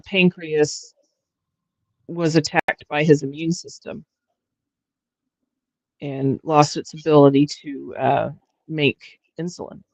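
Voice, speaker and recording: Slow, halting woman on a livestream. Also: low-pitched, vocal fry, a little mellow, no room sound, low-quality recording. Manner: halting, many restarts and fillers. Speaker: livestream host. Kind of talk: casual chat.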